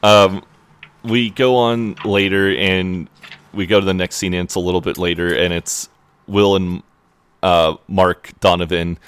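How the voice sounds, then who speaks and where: A man with a deep, low voice retells an episode for his podcast, animated and lively as he walks through each scene. The sound is dry and close, with no room echo. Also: measured pace, clear, resonant tone. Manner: animated retelling, acting out lines in high mock voices. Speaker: podcast co-host. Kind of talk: casual chat recapping a TV episode.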